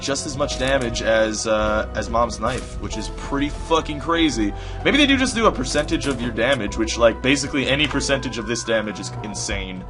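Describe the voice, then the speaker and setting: A young man chats his way through a game, rambling and cracking jokes. His voice is bright and swings widely in pitch. Faint game music plays underneath. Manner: rambling, jokey, many fillers and restarts. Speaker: gameplay commentator. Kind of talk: casual gameplay commentary.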